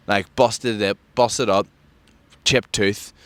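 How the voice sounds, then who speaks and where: A man from Ireland hosting a podcast, telling a story in casual chat and acting out quotes with big jumps in pitch. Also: normal speed, fairly bright tone, dry recording. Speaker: podcast host.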